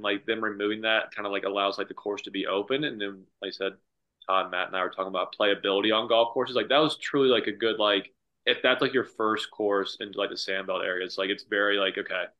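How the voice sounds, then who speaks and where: An American man from the north-east USA, a golf professional guest, telling stories casually and saying "like" constantly. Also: lowish voice. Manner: rambling, says "like" constantly. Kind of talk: casual podcast conversation. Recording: dull lo-fi sound.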